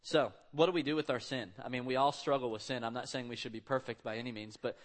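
A pastor in his thirties preaches a sermon in a conversational, storytelling style, acting out quotes as he goes. His mid-range voice holds a steady tone, and he talks fast.

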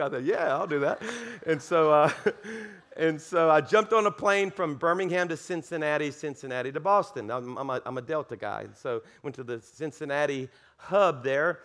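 A slightly high-pitched male pastor with a Southern US accent tells a lively story during his sermon, poking fun at himself along the way.

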